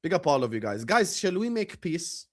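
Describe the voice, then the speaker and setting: A young man hosting a live football watchalong, chatting casually with his viewers and shouting at big moments of the match. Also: a little high, moderate pace. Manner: animated, bursts into loud shouts at match moments, banters with chat. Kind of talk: casual live-stream chat and match commentary.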